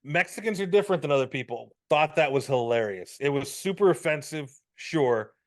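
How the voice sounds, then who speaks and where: A man's voice: a little high, lively intonation, fairly quick. Man ranting on a wrestling podcast. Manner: ranting, joking and profane. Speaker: podcast co-host. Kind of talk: casual chat.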